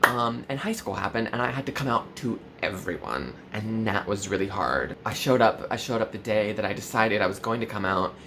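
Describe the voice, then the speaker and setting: A man in his twenties doing a mock-earnest parody vlog, full of valley-girl fillers and sudden swoops in pitch. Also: brisk, few pauses, over music. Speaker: comedy vlogger.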